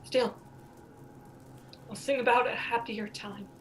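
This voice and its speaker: A woman's voice: fairly high pitch, fairly even intonation, slow pace, a little hiss or hum. A woman acting a proud, grief-worn old queen. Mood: despairing. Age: young adult. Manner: bitter, despairing and proud. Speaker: student actor. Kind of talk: stage tragedy acting.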